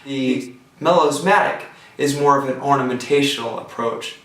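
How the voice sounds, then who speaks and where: A man teaching a songwriting lecture, talking thoughtfully with pauses and restarts, recorded from a distance from the mic. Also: medium pitch, a bit bright. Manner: thoughtful, with pauses and restarts, breaks into sung examples. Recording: roomy sound from a distance from the mic.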